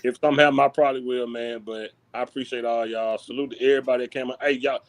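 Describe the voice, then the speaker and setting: A man's voice: mid-range voice, fairly even intonation, very fast. A man hosting a casual livestream chat, laid-back and joking as he talks. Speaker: podcast host.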